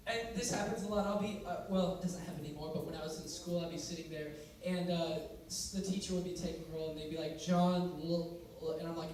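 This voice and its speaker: A man's voice: sits high, normal speed, crowd noise. A young man speaking as a youth speaker, talking casually and playfully to a live audience in a large hall. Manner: playful and joking. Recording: echoey hall from far off with audience.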